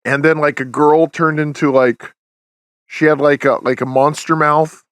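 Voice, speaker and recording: A man's voice: fairly high pitch, fairly even intonation, moderate pace, clear, resonant tone, dry recording. A man hosting a podcast, chatting casually as he reviews a film, rambling with many restarts and fillers. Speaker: podcast host.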